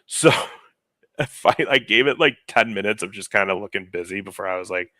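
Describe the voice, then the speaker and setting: A man's voice: fairly low pitch, a little fast, no echo. A young man casually telling a story on a podcast, acting out the people he quotes, on a close mic. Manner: animated, acts out quoted people. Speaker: podcast co-host.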